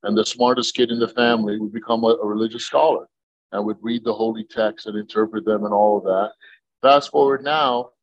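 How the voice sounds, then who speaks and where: Husky low-voiced man telling stories. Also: fairly quick, muffled recording. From Egypt. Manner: lively storyteller who swears freely and laughs. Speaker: podcast guest. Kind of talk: casual podcast chat.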